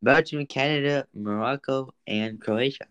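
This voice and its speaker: A man's voice: mid-range voice, a little slow, a bit bright, smooth, no echo, poor audio. A young man co-hosting a casual sports podcast, matter-of-fact and brief. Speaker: podcast co-host.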